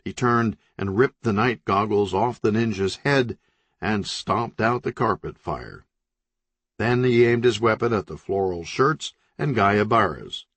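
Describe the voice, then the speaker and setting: Deep-voiced man narrating deadpan. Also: moderate pace, slightly rough, no room sound. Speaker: audiobook narrator. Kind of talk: scripted narration.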